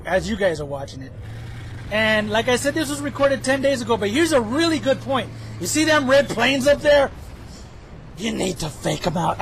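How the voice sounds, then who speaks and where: Man, very high voice, casual gameplay commentary, self-mocking and chatty, faint game noise behind. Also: a bit bright, rough recording. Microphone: headphones with mic.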